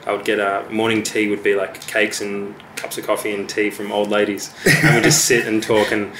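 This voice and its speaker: A man's voice: on the low side, monotone, normal speed, fairly bright tone, a little hiss or hum. A young man, a musician chatting casually as an interview guest, talking with many fillers and restarts. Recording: echoey room with faint ambience.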